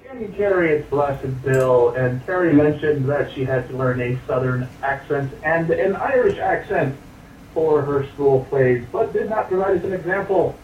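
A man's voice: a little high, moderate pace, slight background noise. A man leaving a chatty, rambling voice message full of fillers and restarts. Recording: tinny phone message played over a speaker, distant and echoey.

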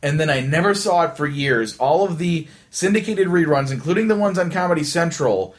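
A man hosting a podcast, telling an animated, rambling story in casual chat, full of restarts and asides. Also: fairly high pitch, fairly quick. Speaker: podcast host.

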